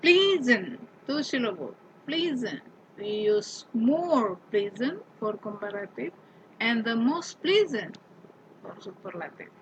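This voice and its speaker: A woman's voice: a little high, big pitch swings, slow pace, lo-fi sound, slight background noise. A woman teaching an English grammar lesson. She patiently repeats example words and keeps asking the class questions.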